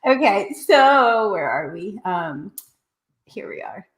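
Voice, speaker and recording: A woman's voice: medium pitch, sing-song, slow, roomy sound. A woman hosting a casual web show, playful and laughing often. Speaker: show host. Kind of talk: casual chat hosting a game.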